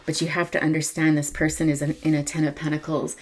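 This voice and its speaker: A woman reading tarot cards to camera in a casual, halting way, full of ums and self-corrections. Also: low voice, flat delivery. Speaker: tarot reader.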